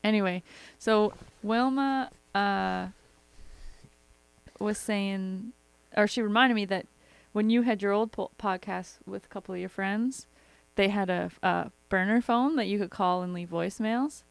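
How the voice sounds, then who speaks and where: A young woman with a mid-range voice and vocal fry speaks at a measured pace, her tone clean and the recording dry. Co-hosting a podcast in casual chat, she swears freely and tells stories with laughter.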